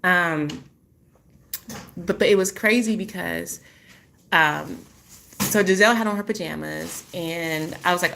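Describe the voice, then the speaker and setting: Emotional low-voiced woman telling her story. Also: pushed and bright, a little hiss or hum. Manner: emotional, halting retelling with many restarts and "like". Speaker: spiritual healing vlogger. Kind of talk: personal storytelling to camera.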